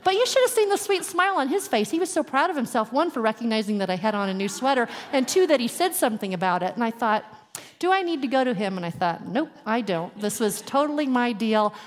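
A woman's voice: fairly high pitch, animated, quick pace, hardly any pauses. A middle-aged woman teaching a women's group in an earnest, candid way, acting out little dialogues as she goes. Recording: long hall reverb.

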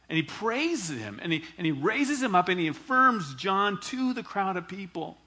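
Male pastor, animated sermon delivery, bright and somewhat high voice. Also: moderate pace, few pauses, slightly rough. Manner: animated preaching, acts out quoted dialogue.

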